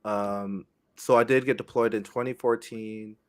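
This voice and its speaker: Podcast guest, thirties male, easygoing, lower voice, hesitant fillers. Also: fairly even intonation, measured pace, clear, resonant tone. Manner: easygoing, many ums and uhs. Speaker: guest streamer. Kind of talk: casual interview chat.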